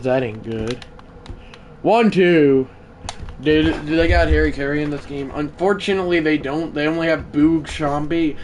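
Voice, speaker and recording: A man streaming a baseball video game live, talking to his chat between pitches and breaking into mock play-by-play calls. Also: slight background noise. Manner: mock play-by-play announcing, excitable; chatty asides to viewers.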